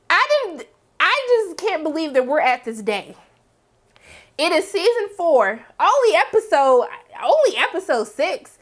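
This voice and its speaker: A woman hosting a casual TV recap, chatty and animated, full of "like" and "um" fillers. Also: normal speed. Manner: chatty, heavy use of "like" and "um"; animated, breaks into excited high exclamations. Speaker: TV series review host.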